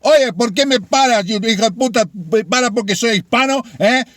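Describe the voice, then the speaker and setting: A man mockingly voicing a hotheaded, indignant man with an exaggerated thick Spanish accent, shouting at police. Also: extremely high pitch, a little fast, no echo, studio quality, voice pushed up. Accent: Spanish-accented English, exaggerated.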